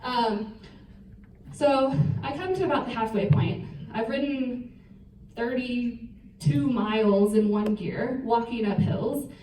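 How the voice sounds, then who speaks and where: Young woman telling her story on stage, kinda high voice, jokes at herself, roomy echoey sound from a distance. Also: slow pace, slight background noise. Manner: lively, self-mocking storyteller. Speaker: retreat speaker. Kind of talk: personal story talk to an audience. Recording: roomy hall, voice picked up from a distance.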